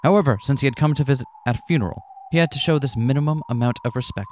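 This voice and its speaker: A man's voice: medium pitch, very fast, a little mellow, slight background noise. A man reading a visual novel aloud with friends, switching between narration and character voices, laughing between lines. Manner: reads narration then breaks into jokes and laughter. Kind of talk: casual dramatic read-through with character voices.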